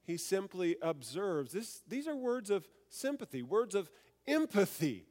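Preacher in an echoing hall, higher-pitched man. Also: very animated, unhurried, a little mellow. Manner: expository, asks the listeners rhetorical questions. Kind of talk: sermon.

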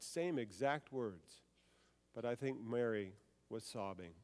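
A man's voice: medium pitch, animated, measured pace, darkish tone, big-room sound. A man preaching a sermon, reading scripture aloud, then explaining it and putting rhetorical questions to his listeners.

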